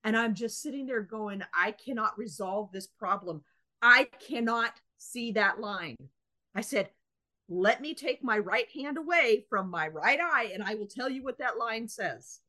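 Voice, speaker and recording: A woman's voice: a little high, a little slow. A woman co-hosting a podcast, telling a story in casual chat and acting out both sides of the exchange. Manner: animated anecdote teller, acting out both sides of a dialogue. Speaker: podcast co-host.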